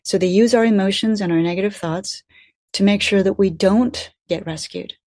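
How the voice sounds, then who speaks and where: A woman's voice: mid-range voice, moderate pace, a little mellow, no room sound, clean studio sound. A woman co-hosting a spiritual talk, explaining earnestly in long lists. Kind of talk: casual spiritual chat.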